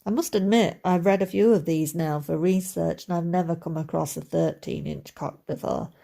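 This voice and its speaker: A woman's voice: fairly low pitch, normal speed, creaky, warm tone. Woman voicing a cheeky Scottish man. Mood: teasing.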